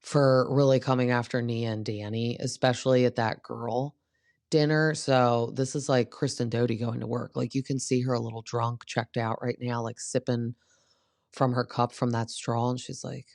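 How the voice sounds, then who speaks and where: A woman's voice: extremely low pitch, steady tone, normal speed, darkish tone, no room sound, studio quality. A woman hosting a podcast, recapping a reality show in a chatty, gossipy way and acting out what the cast members said. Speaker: podcast host.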